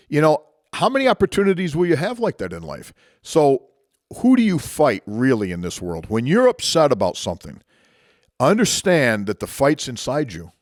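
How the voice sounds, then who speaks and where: A man's voice: medium pitch, wildly swooping pitch, moderate pace, darkish tone, dry recording, studio quality. A man telling a personal martial arts story as a motivational talk, conversational and reflective with frequent restarts.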